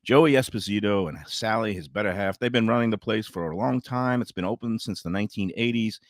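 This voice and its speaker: A man's voice: on the low side, a little fast, dry recording, studio quality. A man reading upbeat restaurant advertisements on a talk show. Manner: upbeat, promotional. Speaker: radio show ad reader. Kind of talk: read-out restaurant ads.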